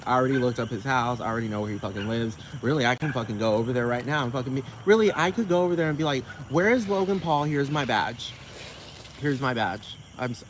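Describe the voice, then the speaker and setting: A man in a middle-range voice, rambling through a profane vlog rant. He keeps circling back to ask if you know what he means, and his pitch leaps up whenever he gets worked up. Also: a little hiss or hum, rough recording. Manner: sudden jumps up in pitch when riled. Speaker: vlogger. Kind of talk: casual rant to camera.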